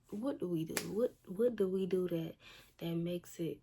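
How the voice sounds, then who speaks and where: A woman's voice: fairly low pitch, normal speed, mellow, breathy edge. A young woman telling a storytime in a blunt, exasperated, slangy way. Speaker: vlogger. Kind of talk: casual storytime. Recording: faint background noise.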